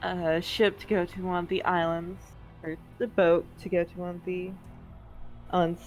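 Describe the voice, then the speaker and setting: A woman's voice: lowish voice, little pitch movement, normal speed, dull audio, faint music behind. A woman playing a tabletop game casually, laughing and swearing a lot. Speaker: player.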